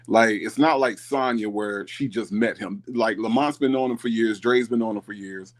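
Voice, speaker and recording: A man's voice: a little high, creaky. A man hosting a casual livestream, reading chat comments aloud and repeating himself as he talks. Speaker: livestream host.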